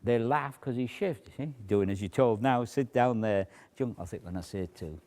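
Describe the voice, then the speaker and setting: A man teaching a stage routine, explaining how he cues volunteers and dropping to a hushed near-whisper to demonstrate. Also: medium pitch, moderate pace. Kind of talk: demonstration lecture.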